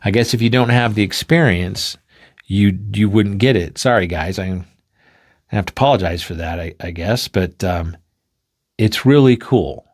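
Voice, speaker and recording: Here a male podcast host brings a concept to life with an animated tale. Full of excitement, he voices the characters in rapid snippets marked by abrupt pitch shifts.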